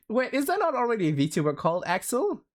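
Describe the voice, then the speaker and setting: Slow, lively rambling streamer. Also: medium pitch. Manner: rambling, full of "like" fillers, laughs often. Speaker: livestreamer chatting with viewers. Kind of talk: casual stream chat.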